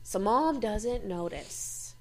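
A woman telling childhood stories in casual chat. She is animated, laughs often, swears freely and acts out what people said. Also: medium pitch, slow. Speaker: host.

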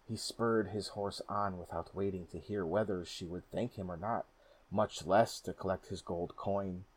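A man with a low, slightly husky voice reads a folk tale aloud. His pace is steady and measured, with the calm of a storybook narrator. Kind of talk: storybook reading.

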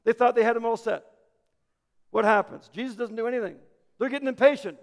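A man preaching a sermon as a pastor, telling the story dramatically and swinging between loud passages and hushed ones. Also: very high voice, brisk. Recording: hall reverb.

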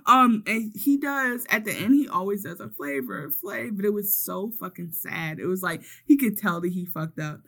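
A woman's voice: mid-range voice, normal speed, hardly any pauses. A woman co-hosting a podcast, chatting casually and recapping a reality show, acting out the quotes as she goes. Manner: animated storyteller, acts out quotes. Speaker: podcast co-host.

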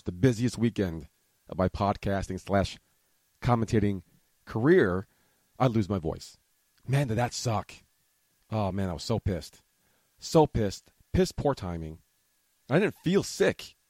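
A man's voice: lowish voice, a little mellow, no echo. A man hosting his own podcast, talking in a rambling, chatty way and swearing casually. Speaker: podcast host. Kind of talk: casual solo podcast recap.

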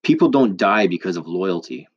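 A bitter, grieving man snaps in short, resentful lines, as a male reader puts him on. His voice sits low, and the storybook recording sounds dull and lo-fi. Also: expressive, moderate pace. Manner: curt, resentful.

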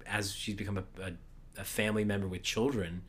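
A man in his thirties, co-hosting a casual podcast, telling stories with animated energy and frequent laughs. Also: lowish voice, brisk, husky. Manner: storytelling, animated, laughs often. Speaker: podcast co-host. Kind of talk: casual chat.

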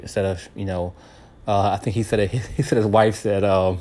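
A man in his late thirties telling a story in a casual monologue, animated and repeating his words often. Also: on the low side, moderate pace. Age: 30s. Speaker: advice talker.

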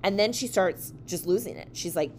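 A woman's voice: medium pitch, normal speed, slight background noise. A woman who owns a dance studio, telling a story in a casual chat and acting out the voices of the people she quotes. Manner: animated, acts out quoted voices.

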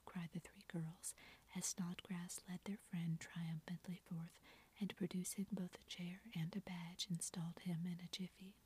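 Breathy whispering woman narrator. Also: fairly low pitch, moderate pace. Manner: soft steady storytelling. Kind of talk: whispered role-play.

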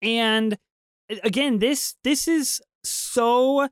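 A woman co-hosting a podcast in casual chat, talking quickly and eagerly with lots of restarts. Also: fairly high pitch, clean tone, dry recording. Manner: fast, animated, with repeated restarts. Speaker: podcast co-host.

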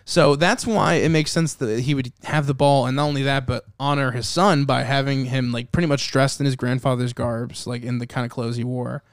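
A man's voice: mid-range voice, steady tone, a little fast, few pauses, clean tone, dry recording, clean studio sound. A man co-hosting a casual podcast chat, rambling and profane, with lots of fillers. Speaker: podcast co-host.

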